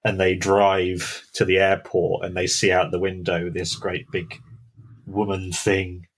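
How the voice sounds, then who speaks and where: Brief: male podcast co-host, deep and husky, casual storyteller with suspenseful hushes. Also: completely flat delivery, low-quality recording. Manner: dramatic pauses, hushed build-ups.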